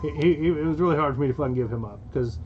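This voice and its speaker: A man's voice: on the high side, racing, muffled recording, a little hiss or hum. A man with a Kentucky accent, co-hosting a podcast, telling a long story casually with plenty of swearing and laughter. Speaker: podcast co-host.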